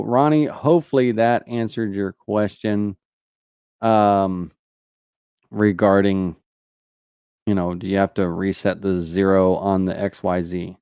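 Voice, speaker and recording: A man's voice: low-pitched, vocal fry, clear, resonant tone, no echo, muffled recording. A man with a Southern US accent hosting a live question-and-answer tutorial, talking casually with many fillers like "uh" and "you know". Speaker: host answering viewer questions.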